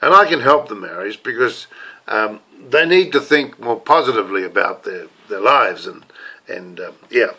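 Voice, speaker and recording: A man's voice: on the low side, lively intonation, normal speed, bright, forceful tone, breathy edge. An older man with a New Zealand accent, talking to camera in a rambling, casual monologue full of restarts. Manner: rambling, many restarts and fillers. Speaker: self-styled preacher and video blogger.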